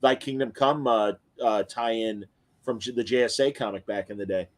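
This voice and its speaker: A man hosting a casual chat, telling animated stories and swearing casually. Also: on the low side, normal speed. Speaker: podcast host.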